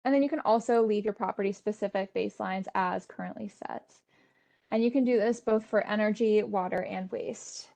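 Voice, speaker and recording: Woman presenting a software walkthrough. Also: mid-range voice, normal speed, vocal fry. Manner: steady explanatory tone with frequent fillers. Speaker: webinar presenter. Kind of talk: instructional webinar walkthrough.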